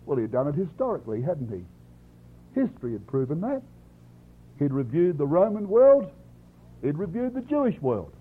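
A slightly rough, somewhat high male voice swings widely in pitch at a normal speed, punctuated by long pauses. He's preaching a Bible exposition sermon, earnest and emphatic, often speaking directly to the congregation, and the audio is tinny and lo-fi like a phone.

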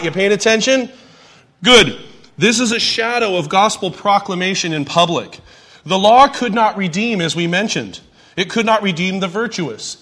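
Man, high-pitched, Bible class teacher, conversational, light humor. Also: sharp tone. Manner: conversational, asks the audience questions, light humor.

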